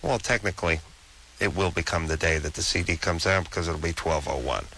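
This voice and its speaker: A man's voice: deep voice, brisk, sharp tone, slight background noise. A man hosting a late-night call-in radio show, sarcastic and ranting, talking into a studio microphone. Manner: sarcastic, ranting, cuts people off.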